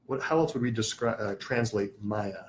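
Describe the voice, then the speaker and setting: A man's voice: lowish voice, normal speed, a little hiss or hum. A man teaching a spiritual class, patiently explaining terms, spelling words out and asking the class questions.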